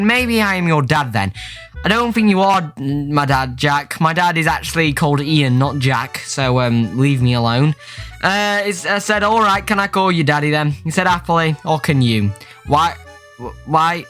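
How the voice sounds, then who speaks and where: Man, bright edgy voice, fairly high, sarcastic, stumbling, comedy vlog, faint music behind. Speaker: YouTuber. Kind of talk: comedic reading of chat messages.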